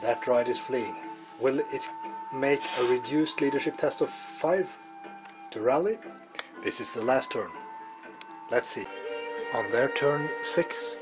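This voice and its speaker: A man's voice: medium pitch, slow pace, rough recording. A man hosting a tabletop wargame battle report, recapping each turn and questioning his co-player. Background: music.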